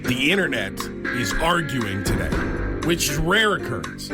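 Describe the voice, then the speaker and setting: A man's voice: medium pitch, big pitch swings, normal speed, over loud music. A man co-hosting a podcast in casual chat. He tells the story with animation and acts out the quotes. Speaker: podcast co-host.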